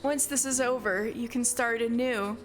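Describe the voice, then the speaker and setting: A woman giving voice to a sorrowful young man in a game story, soft and measured, speaking with tender gentleness. The voice stays fairly high, with faint music underneath. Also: fairly even intonation, close to an everyday voice.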